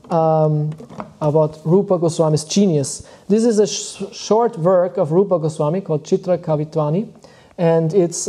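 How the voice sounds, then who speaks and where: A man giving a devotional lecture, reading verses and explaining them in an unhurried way with frequent pauses. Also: a little high, mellow. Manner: unhurried, thoughtful, often pauses with "uh" and restarts words. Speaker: spiritual teacher.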